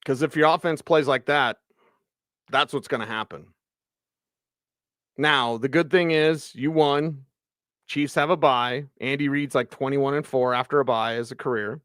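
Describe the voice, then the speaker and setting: A man hosting a postgame sports radio show, ranting with animated exasperation and sarcastic asides. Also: medium pitch, measured pace, pauses often, no echo, studio quality. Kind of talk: postgame sports talk monologue.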